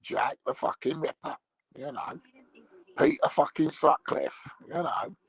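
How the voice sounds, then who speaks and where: Man doing a crude troll, gravelly husky voice, swears constantly, comedy monologue. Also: fairly high pitch, a little slow, no echo, exaggerated voice, low-quality recording. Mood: crude rambling. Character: crude, rambling male troll, a coarse bloke.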